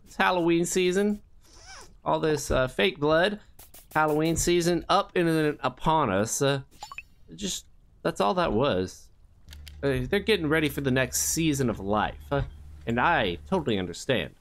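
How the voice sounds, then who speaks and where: Animated jokey male game commentator. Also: on the high side, moderate pace. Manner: jokey, rambling, sing-song sound effects; mock-innocent asides. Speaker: gaming youtuber. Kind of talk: comedic let's play commentary.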